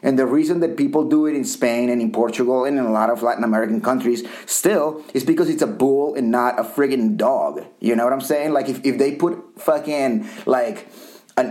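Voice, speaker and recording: A man's voice: mid-range voice, moderate pace, a little mellow. A man from Colombia co-hosting a podcast, rambling in casual chat with frequent restarts and casual swearing. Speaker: podcast co-host.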